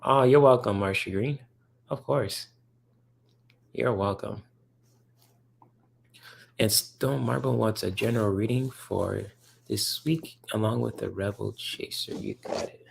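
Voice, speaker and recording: A man hosting a relaxed livestream, reading viewers' chat and answering them. His voice sits low with a gravelly fry, and he talks in loose, rambling runs full of fillers. He sounds eager and chatty about the subject. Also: slow, long pauses, a little hiss or hum. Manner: rambling, filler-heavy, enthusiastic about comics.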